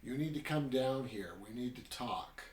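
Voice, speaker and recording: A man voicing a male teddy bear in a retold story, a quietly ruthless leader speaking calmly and plainly. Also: medium pitch, normal speed, roomy sound, recorded from a distance, natural voice.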